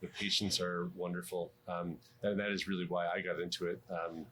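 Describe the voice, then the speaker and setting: Man, very low voice, a cardiologist answering interview questions thoughtfully, with ums and restarts, faint hum behind. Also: little pitch movement, fairly bright tone. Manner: measured, frequent ums and restarts.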